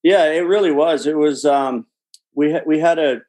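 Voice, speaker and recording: A man's voice: a little high, normal speed, darkish tone, rough recording. A man telling a rambling locker-room story with lots of swearing and laughter, speaking as an interview guest. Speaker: guest, former hockey player. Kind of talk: casual storytelling.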